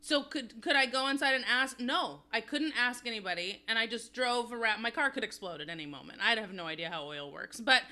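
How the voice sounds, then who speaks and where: A woman's voice: fairly high pitch, brisk, few pauses, sharp tone. A woman co-hosting a podcast, chatting candidly and rambling in a self-deprecating way. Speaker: podcast co-host. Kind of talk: casual chat.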